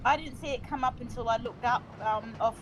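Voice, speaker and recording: A woman's voice: on the high side, brisk, crowd noise, low-quality recording. A woman from England chatting over the phone with a streamer, talkative and hesitant, with lots of fillers. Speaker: friend on phone call. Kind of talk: casual chat.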